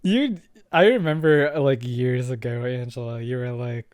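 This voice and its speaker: A man's voice: medium pitch, measured pace, a little mellow, clean tone, no echo. A man co-hosting a casual podcast, rambling and joking with frequent laughter. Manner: laughs often, rambling and jokey. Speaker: podcast co-host and streamer. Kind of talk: casual chat.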